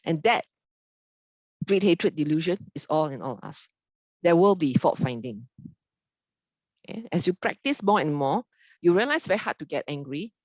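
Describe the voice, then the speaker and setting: A woman's voice: deep voice, normal speed, long pauses, no room sound, dull audio. A woman giving an informal Buddhist dharma talk, often asking "isn't it?" and acting out little quoted exchanges. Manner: animated, acts out little quoted exchanges, frequent tag questions.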